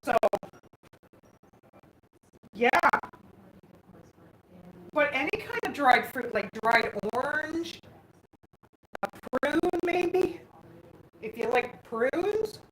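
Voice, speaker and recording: A woman's voice: sits high, animated, very slow, long pauses, a bit bright, soft background music. A woman hosting a casual live stream from her home kitchen on a phone, chatting and reading out viewer comments as she answers them. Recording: echoey room, faint background hum.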